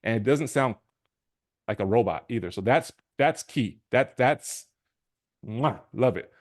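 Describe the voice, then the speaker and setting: A man sharing a casual testimonial on a call, talking in a relaxed, halting way with the odd chuckle. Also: mid-range voice. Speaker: guest giving a testimonial.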